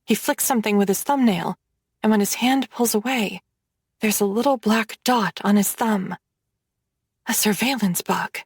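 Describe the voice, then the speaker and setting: A woman reading a dark romance audiobook in first person, with dramatic storytelling. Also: medium pitch, normal speed, slightly rough, no room sound, studio quality. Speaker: audiobook narrator.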